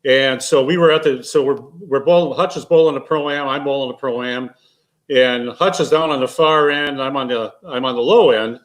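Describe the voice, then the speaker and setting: An older man spins rambling tales in a casual interview, circling back and restarting his sentences as he goes. His voice sits in an ordinary middle pitch. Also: fairly even intonation, moderate pace, rough recording. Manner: rambling anecdotes with restarts and laughs. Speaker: guest, retired pro bowler. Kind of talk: casual storytelling.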